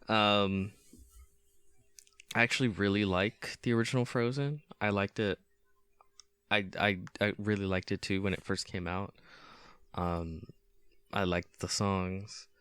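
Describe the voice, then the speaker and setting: A man's voice: lowish voice, steady tone, measured pace, long pauses, a bit bright, smooth, no echo. A man co-hosting a podcast in casual chat, hesitant with frequent ums and restarts, laughing often. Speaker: podcast co-host.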